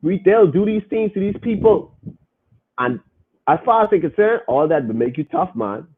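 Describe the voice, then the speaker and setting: A man's voice: high-pitched, big pitch swings, normal speed, breathy edge, phone-quality sound. A man hosting a podcast, preaching emphatically and repeating his points as he reads comments from the chat.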